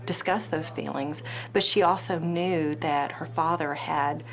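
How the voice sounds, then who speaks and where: Measured woman counselor, low and flat. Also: gravelly. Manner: measured, clinical, with many fillers. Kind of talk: interview.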